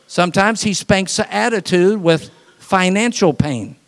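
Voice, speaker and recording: A man preaching a sermon as pastor, folksy, with quick asides and acted-out voices. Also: high voice.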